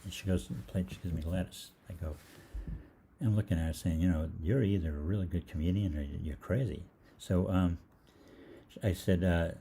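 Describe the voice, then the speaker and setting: Older man, deep husky voice, mellow tone, rambling casual anecdote, acts out quoted lines. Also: moderate pace, slight background noise. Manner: chatty, acts out quoted voices, frequent ums and restarts. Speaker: holistic health program host. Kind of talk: casual rambling storytelling monologue.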